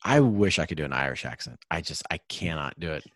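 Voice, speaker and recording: A man's voice: extremely low pitch, lively intonation, quick pace, no echo, studio quality. A man hosting a casual sports podcast, rambling and upbeat, hyping up his guest. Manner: rambling, upbeat hype-style introductions. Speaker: podcast host.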